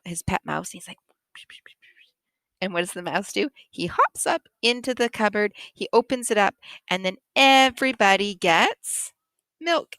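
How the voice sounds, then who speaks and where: Woman teacher, picture-book retelling for kids, gravelly edge, lively pitch, dry close sound. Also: no room sound. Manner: animated and expressive, with frequent laughs.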